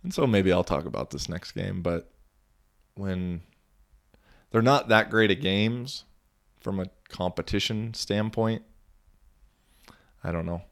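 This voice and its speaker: A man's voice: deep voice, lively intonation, takes it slowly, vocal fry, pauses often. A young man hosting a casual solo podcast, telling a story in a laid-back, rambling way with casual swearing, sounding a little tired. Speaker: podcast host.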